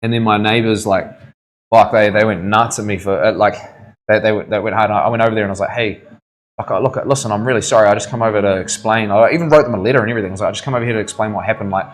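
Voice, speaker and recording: A man's voice: fairly low pitch, rapid-fire, low-quality recording. Sweary laid-back New Zealand man. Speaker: tattoo artist streaming live. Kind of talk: casual live-stream chat.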